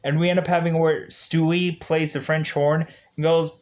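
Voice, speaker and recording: A man giving casual, rambling commentary on a mobile game he's playing, chatty and quick to laugh. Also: fairly high pitch, little pitch movement, darkish tone. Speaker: gaming video host. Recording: dull lo-fi recording.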